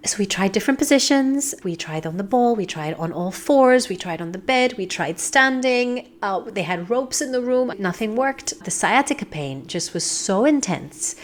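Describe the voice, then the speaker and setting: A woman in her thirties telling her own birth story in an earnest, reflective way, at times dropping to a soft whisper. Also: medium pitch, expressive, moderate pace, hardly any pauses. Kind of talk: candid personal storytelling.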